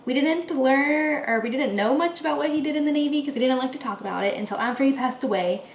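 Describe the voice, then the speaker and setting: A woman's voice: high-pitched, fast talker. A young woman in her twenties chatting casually and rambling as she bakes in her apartment kitchen, laughing often. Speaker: vlogger. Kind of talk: casual chat while baking. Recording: echoey room, faint noise.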